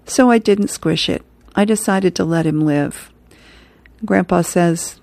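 A woman's voice: fairly low pitch, unhurried, gravelly, dark tone, dry recording. A woman host reading newspaper comic strips aloud, chuckling between them.

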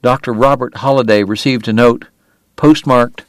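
A man narrating a novel in a measured, unhurried storytelling manner. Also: mid-range voice, steady tone, no echo. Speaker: audiobook narrator. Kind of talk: scripted narration.

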